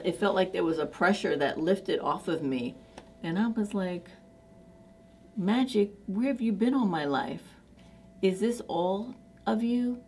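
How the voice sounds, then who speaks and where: A woman's voice: on the low side, darkish tone. A woman vlogger chatting casually to camera in an effusive, enthusiastic way, with many fillers.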